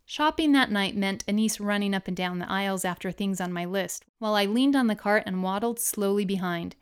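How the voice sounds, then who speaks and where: A woman reads her own life story as an audiobook. Her voice is smooth and resonant at a middle pitch, and she tells it with warmth and expression. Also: a little fast. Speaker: memoir narrator. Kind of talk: audiobook memoir reading.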